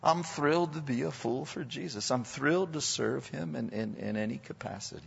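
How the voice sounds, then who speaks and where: A man's voice: mid-range voice, moderate pace, gravelly, breathy edge. A male pastor preaching a sermon in a church, emphatic and sometimes mockingly sarcastic. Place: church sanctuary. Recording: dull audio with long hall reverb.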